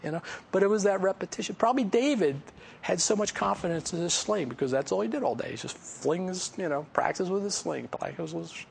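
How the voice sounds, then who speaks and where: A man's voice: sits high, animated, a little fast, gravelly, slight background noise. A male pastor giving a casual, story-filled sermon, teaching from a Bible passage with folksy asides and chuckles. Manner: conversational, folksy, laughs at own stories. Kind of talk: sermon with personal stories.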